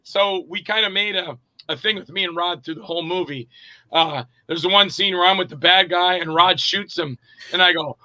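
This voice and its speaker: A man's voice: sits high, normal speed, dry recording, low-quality recording. A middle-aged man, an actor and director, casually telling stories in an interview and acting out quoted dialogue with plenty of fillers. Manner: animated, acts out quoted dialogue, frequent fillers.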